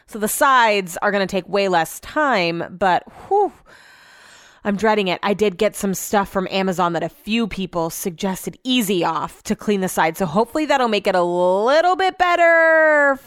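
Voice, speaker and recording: A woman's voice: mid-range voice, animated, normal speed, fairly bright tone, smooth, no room sound, studio quality. A woman hosting her own podcast, chatting casually in a rambling, profane way, sore and tired. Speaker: podcast host and radio host. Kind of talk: casual solo podcast monologue.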